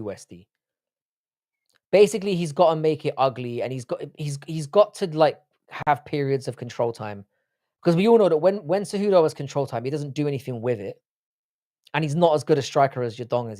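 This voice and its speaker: A man's voice: fairly high pitch, animated, brisk, warm tone. A man with a London accent hosting a live stream, chatting casually and bantering with the viewers in a profane, joking way. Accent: London English. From England.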